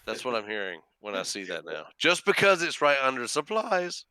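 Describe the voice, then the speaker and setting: A man's voice: mid-range voice, normal speed, hardly any pauses, smooth, no echo. A man acting as dungeon master, casually running a tabletop game session online and making easygoing rulings. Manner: casual, relaxed rules rulings with small restarts.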